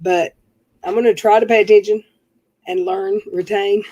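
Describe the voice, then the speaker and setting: A woman's voice: medium pitch, fairly even intonation, moderate pace, dark tone, poor audio. A woman hosting a livestream panel, chatting casually with rambling, self-interrupting talk and easy laughs. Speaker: livestream commentary host. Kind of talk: casual chat.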